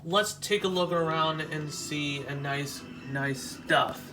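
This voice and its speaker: A man vlogging as he walks through an exhibition, talking in a halting, nostalgic way with frequent restarts. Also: a little high, background noise. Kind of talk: casual walk-through commentary.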